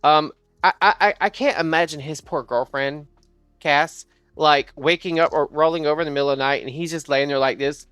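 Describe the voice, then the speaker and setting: A woman streamer in casual storytelling chat with a lowish voice and a dry, close sound. She is animated, laughs often and swears freely. Faint music plays underneath. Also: brisk, smooth, no room sound. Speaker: livestreamer.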